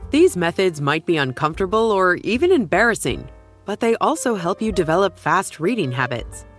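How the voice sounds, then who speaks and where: Lively low-voiced woman narrator. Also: moderate pace, faint music behind. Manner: clear, steady, instructive. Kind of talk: instructional narration.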